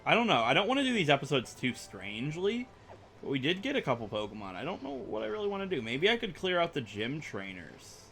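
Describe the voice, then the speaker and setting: A man's voice: on the high side, wildly swooping pitch, fast, vocal fry, a bit bright, a little hiss or hum. A young man rambling through let's play commentary, chatty and self-mocking as he plays. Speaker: gaming YouTuber.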